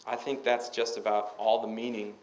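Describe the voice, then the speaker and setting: A man's voice: fairly low pitch, level tone, moderate pace, lightly acted. A man reading as an earnest young husband.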